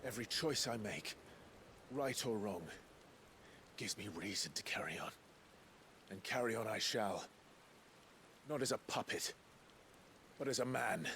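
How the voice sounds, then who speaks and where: A man's voice: lowish voice, animated, measured pace, pauses often, a bit bright, a little hiss or hum. An actor voicing a defiant grown man in a video game, firm and resolute. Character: defiant grown man standing his ground.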